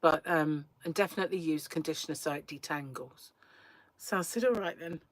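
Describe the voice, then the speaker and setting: A woman's voice: low-pitched, a little fast, no echo. A woman, hosting a casual live stream, telling a chatty story and laughing often. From England. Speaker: crochet livestream host.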